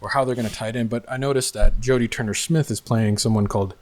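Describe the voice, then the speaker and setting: A man's voice: medium pitch, fairly even intonation, fast talker. A man chatting casually, rambling through his theories with lots of fillers. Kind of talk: casual chat.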